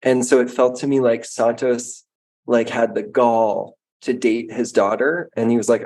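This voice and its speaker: Male guest, mid-pitched, reflective and conversational. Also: steady tone, a little slow, darkish tone, rough recording. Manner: reflective, thinking aloud with fillers. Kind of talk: conversational interview.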